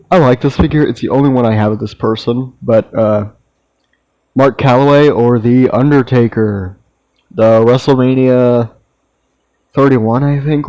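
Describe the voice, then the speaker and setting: A man's voice: mid-range voice, no room sound, lo-fi sound. A young man casually ranking his collectibles. He rambles, uses lots of ums and restarts sentences. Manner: relaxed, meandering, with frequent ums and restarts. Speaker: toy collector vlogger.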